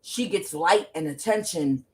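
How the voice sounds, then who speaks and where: A woman's voice: fairly low pitch, a little slow, voice pushed down, close to an everyday voice. A woman mocking a fussy, prying copycat imitator during a casual tarot reading. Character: mocking copycat imitator, adult of either sex.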